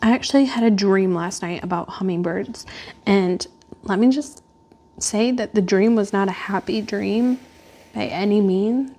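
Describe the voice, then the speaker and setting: Slow, chatty woman vlogging from home. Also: mid-range voice, darkish tone. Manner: rambling, chatty, with frequent fillers. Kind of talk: casual chat. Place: at home indoors by a glass door.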